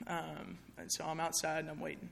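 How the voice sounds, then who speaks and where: A woman's voice: sits low, level tone, a little fast, creaky, a little hiss or hum. A young woman speaking candidly to an audience in a chapel, sharing a personal testimony in a conversational way with many fillers.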